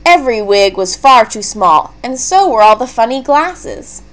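Expressive woman reading a picture book. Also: a little high, a little slow, poor audio. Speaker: storybook reader.

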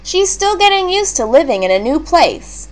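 A woman voicing a calm, patient mother in a storybook read-aloud, gentle and reassuring. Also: sits high, moderate pace, pitched above the performer's own voice.

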